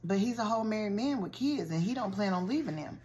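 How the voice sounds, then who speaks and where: A woman vlogger recaps a TV show's storyline in a casual, gossipy way. She is animated and colloquial, often addressing the listener directly with slangy asides. Her voice sits in a middle pitch range. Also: quick pace, a little hiss or hum. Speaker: vlogger reviewing a TV show.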